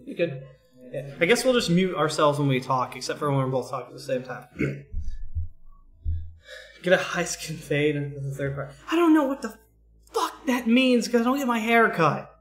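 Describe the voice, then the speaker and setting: A young man with a monotone voice chatting bluntly and profanely on a livestream, often clearing his throat. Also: on the high side, moderate pace, long pauses, roomy sound, faint music behind. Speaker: streamer, school IT worker. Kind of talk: casual chat on a livestream.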